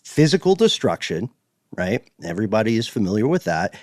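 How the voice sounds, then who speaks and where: A man co-hosting a podcast in casual chat, animated and quick to laugh, often reading quotes aloud. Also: lowish voice, no room sound. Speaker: podcast co-host. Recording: dry close studio sound.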